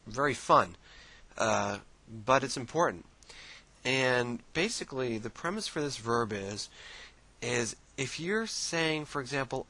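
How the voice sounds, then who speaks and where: Man teaching casually with a bright voice. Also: mid-range voice, low-quality recording. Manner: casual, relaxed teaching with many fillers and restarts. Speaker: language teacher. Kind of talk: screen-share tutorial explanation.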